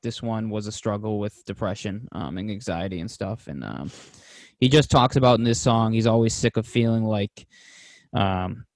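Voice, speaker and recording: Young male podcast co-host, casual and profane storyteller, mid pitch, dry close mic. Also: no echo. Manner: loose, swearing, storytelling with laughs. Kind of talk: casual chat.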